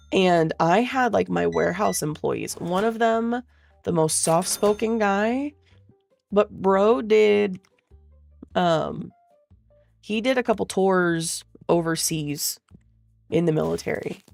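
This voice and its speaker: A woman's voice: fairly low pitch, takes it slowly, creaky, pauses often, darkish tone, faint music behind. A young woman streamer telling a rambling, swear-laden story in a casual way, full of fillers. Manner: profane, rambling, filler-heavy.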